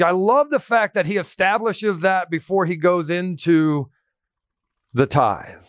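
A man with a high, bright voice preaches with emphatic, animated delivery. His voice is captured close and dry, with almost no room sound around it. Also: measured pace, dry recording. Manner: emphatic preaching, quoting scripture in a raised voice. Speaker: pastor. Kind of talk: sermon.

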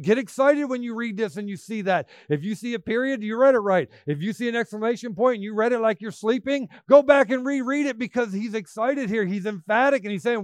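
A man preaching a sermon, emphatic, swinging between loud bursts and quiet asides. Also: high-pitched, animated, normal speed, dry recording.

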